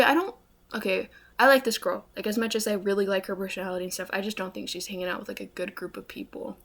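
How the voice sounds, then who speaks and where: A woman's voice: mid-range voice, gravelly. A young woman vlogging a rambling storytime, full of "like" and "bro" and frequent swearing. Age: young adult. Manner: rambling, swears often, says "like" and "bro" a lot.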